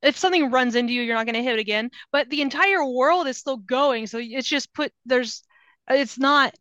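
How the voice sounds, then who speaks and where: A woman's voice: sits high, fairly quick, a bit bright, dry recording. A woman guest in a casual gaming chat, talking in a loose, filler-heavy way and laughing often. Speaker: podcast guest.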